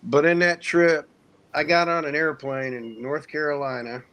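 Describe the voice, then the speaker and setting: A man in his forties from Indiana, a military veteran telling a long story in a relaxed, profane way to friends in a casual hangout. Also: a little high, normal speed. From United States (Indiana). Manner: profane, laid-back storyteller who mimics others.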